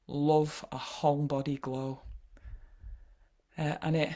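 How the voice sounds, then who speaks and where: A woman with a Yorkshire accent leading an online poetry workshop over a video call, chatty and wry, often pausing with "uh". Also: low-pitched, little pitch movement, mellow. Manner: chatty, wry, frequent hesitations.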